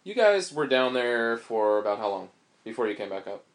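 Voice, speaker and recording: A man in a casual group chat about a climb, talking in a measured way with frequent hesitations. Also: mid-range voice, very animated. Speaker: rope and safety handler.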